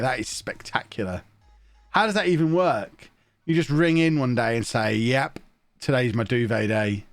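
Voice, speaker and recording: A man with a sniffly, stuffed-up nose, chatting casually and rambling through a live stream while he plays a management game. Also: medium pitch.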